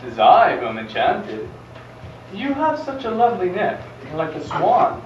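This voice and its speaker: A man playing a suave vampire count in an amateur stage play, speaking in courtly, florid flattery. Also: sits high, measured pace, exaggerated voice. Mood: seductive. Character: suave vampire count, smooth-talking foreign nobleman. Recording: echoey hall, distant mic, dull sound, noise.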